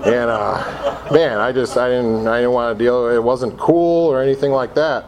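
A man's voice: mid-range voice, normal speed, a crowd in the background. A middle-aged man from Connecticut sharing his own story with a group in a casual, self-mocking way, acting out his old reactions as he goes. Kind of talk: personal recovery talk to a group.

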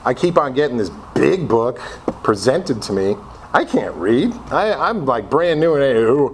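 A middle-aged man from Connecticut tells his story to a group, mocking himself as he replays his past reactions. His pitch swings widely, and a faint hum sits in the background. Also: big pitch swings, unhurried. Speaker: speaker sharing his recovery story. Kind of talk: personal recovery talk to a group.

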